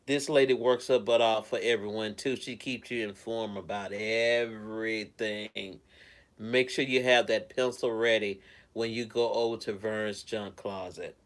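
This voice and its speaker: A man's voice: on the low side, fairly even intonation, unhurried. A man chatting casually at home on a live stream, rambling in a caring way and greeting viewers by name. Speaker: live streamer reading chat.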